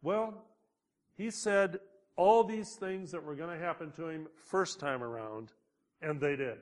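A man preaching a sermon, slow and deliberate, building emphasis on key words. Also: on the high side. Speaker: pastor.

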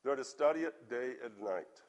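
A man with a hoarse voice preaching a sermon, reading scripture aloud and asking his listeners earnest questions. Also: mid-range voice, animated, moderate pace, muffled recording.

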